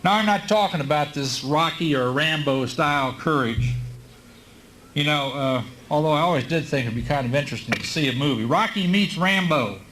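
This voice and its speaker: A man giving a high school commencement speech at a podium microphone, telling stories folksily with frequent filler pauses. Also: fairly bright tone, a little hiss or hum, rough recording. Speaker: commencement speaker. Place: high school graduation ceremony.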